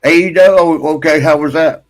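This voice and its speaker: A man's voice: a little high, steady tone, moderate pace, soft background music. A man hosting a casual podcast chat, throwing in short teasing quips and laughing often. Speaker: podcast host.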